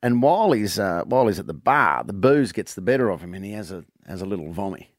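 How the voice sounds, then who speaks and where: A man's voice: deep voice, big pitch swings, fast, dry recording. An Australian man, a comedian guest in a radio studio, chatting and telling a joke with big character voices.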